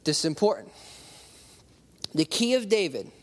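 A man's voice: high-pitched, big pitch swings, normal speed. A male pastor preaching a conversational sermon, acting out little voices and talking straight to the congregation. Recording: long hall reverb.

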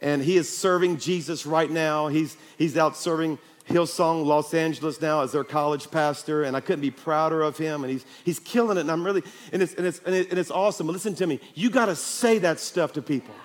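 A middle-aged man preaching as a pastor, telling a story in an animated, energetic way that often rises and gets louder. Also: fairly high pitch, fairly quick, hardly any pauses. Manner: animated storytelling, voice rising and getting louder at peaks. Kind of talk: sermon.

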